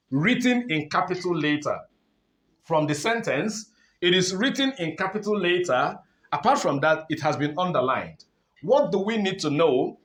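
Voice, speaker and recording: A man's voice: fairly high pitch, fairly bright tone. Man teaching pronunciation. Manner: explains step by step, repeats himself, checks in with "okay?". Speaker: English teacher. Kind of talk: online exam-prep lesson.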